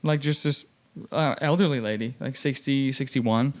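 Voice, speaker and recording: A young man hosts a podcast, chatting casually as he tells a story at normal speed in a mid-range voice. He's animated, acts out the people he quotes, and fills his speech with lots of "like."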